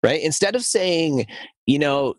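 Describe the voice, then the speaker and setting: A man hosting a podcast, talking casually with many fillers and restarts, acting out quoted lines with lively shifts in his intonation. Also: fairly high pitch, unhurried, no room sound. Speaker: podcast host.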